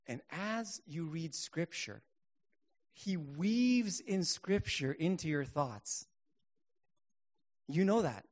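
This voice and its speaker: A middle-aged man preaching a sermon and telling his own testimony, earnest, rising to emphatic bursts and then dropping quiet. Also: fairly high pitch, animated, slow, pauses often.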